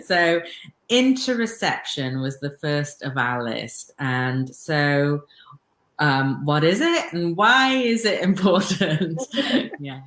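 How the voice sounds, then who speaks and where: A woman hosting a conversation podcast, thoughtful and affirming, with gentle laughter. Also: deep voice, animated, slow pace, echoey room. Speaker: host, Alexander Technique teacher.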